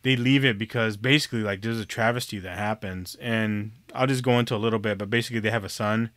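A man's voice: on the low side, fairly even intonation, fast, a bit bright, no room sound, clean studio sound. A man chatting casually on a podcast, rambling, swearing freely and laughing often. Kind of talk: casual chat.

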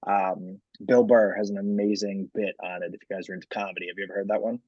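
A man's voice: sits low, little pitch movement, fast talker, a little mellow, no room sound, muffled recording. A man co-hosting a podcast, chatting casually about sports and leaning on lots of filler words. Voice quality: frequent filler words and restarts. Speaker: podcast co-host.

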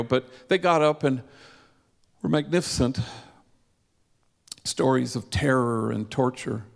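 Man, sermon storytelling, gravelly, mid pitch, slows for emphasis, large echoing hall. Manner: vivid storyteller, slowing for emphasis. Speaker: preacher. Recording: long hall reverb.

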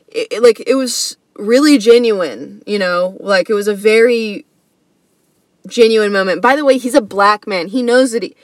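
A woman's voice: medium pitch, no room sound. Slangy woman podcast host, dry sound. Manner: slangy and earnest, says bro and dude. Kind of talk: casual storytelling monologue.

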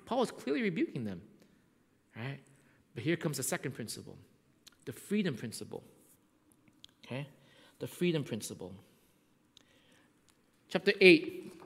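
A male pastor preaching a sermon, telling a story with frequent asides of "right?" and swinging between loud and hushed delivery. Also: a little high, lively intonation, moderate pace, pauses often, big-room sound.

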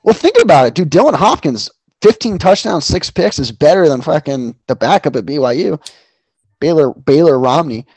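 A man's voice: a little high, sing-song, normal speed, darkish tone, husky, dry recording. A man co-hosting a casual sports betting chat, rambling and profane with lots of fillers. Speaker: podcast co-host.

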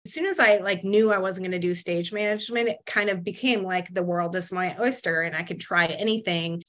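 A woman's voice: mid-range voice, a bit bright. A young adult woman, a podcast guest, telling stories in casual conversation, full of "like" fillers and acting out quoted voices with big jumps. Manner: frequent "like" fillers, quick laughs. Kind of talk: storytelling in conversation.

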